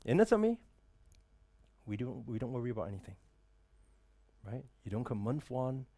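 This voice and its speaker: A man's voice: medium pitch, very animated, normal speed, gravelly, warm tone. A man giving a live motivational talk to an audience in an event room, full of rhetorical questions and repeated "right?". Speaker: motivational speaker.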